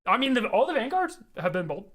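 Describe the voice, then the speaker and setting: A man streaming, giving casual, excitable and rambling commentary, swearing freely. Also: very high-pitched, quick pace. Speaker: streamer reacting to a developer stream.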